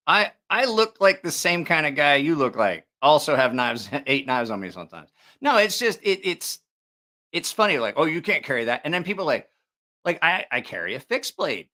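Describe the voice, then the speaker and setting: A man hosting a knife channel, telling stories in a casual, profane, animated way. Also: a little high, normal speed. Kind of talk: casual storytelling chat.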